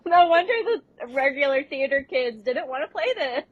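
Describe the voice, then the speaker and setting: A young woman co-hosting a chatty podcast, breezily retelling a TV episode and slipping into playful voices for the characters' lines. Her voice sits a little high. The sound is dry and close, with almost no room behind it. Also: normal speed, no echo, highs cut off. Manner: animated retelling, acting out quotes in voices. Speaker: podcast co-host. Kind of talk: casual chat recapping a TV episode.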